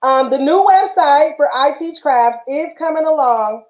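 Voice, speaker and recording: Chatty high-voiced woman livestream host. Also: expressive, unhurried. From Northern California, Bay Area. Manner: chatty, affectionate, many fillers. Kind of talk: casual livestream chat. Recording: roomy, dull livestream audio.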